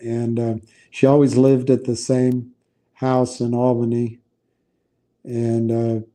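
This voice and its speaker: A man hosting a livestream, talking in a rambling, halting way with many restarts. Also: medium pitch, completely flat delivery, warm tone. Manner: halting, meandering, frequent restarts. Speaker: livestream host. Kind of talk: rambling casual livestream talk.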